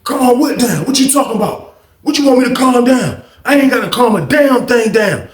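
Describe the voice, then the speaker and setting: A loud, combative old convict barks and swears, gruff and gravelly, as a storyteller puts him on. The voice rings in an echoey room. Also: male voice, on the low side, fairly even intonation, measured pace, voice pushed down. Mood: indignant. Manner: brash, profane, gruff. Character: aggressive loud older male prisoner.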